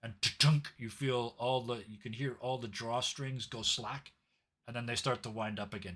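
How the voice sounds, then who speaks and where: A man's voice: medium pitch, moderate pace. Man narrating a tabletop game. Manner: relaxed storyteller with sound effects. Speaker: game master.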